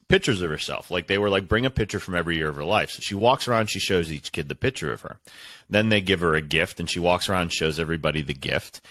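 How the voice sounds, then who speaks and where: Low-voiced man telling an emotional story. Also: fairly bright tone, no room sound. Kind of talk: casual chat, storytelling.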